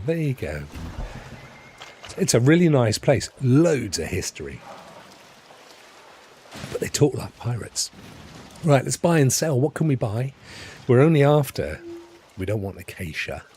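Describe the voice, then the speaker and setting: An English man hosts a live game stream, rambling along and chuckling as he plays. His speech rises and falls in a lively way, with a faint hiss under it. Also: medium pitch. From England. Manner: chatty and rambling, chuckles often. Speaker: gaming streamer host. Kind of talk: live gameplay commentary.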